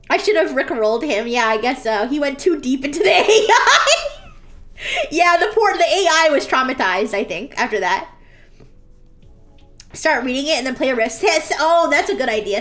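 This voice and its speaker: A woman's voice: high-pitched, expressive, moderate pace, fairly bright tone. A woman streamer chatting casually and candidly while drawing, telling a story with laughs.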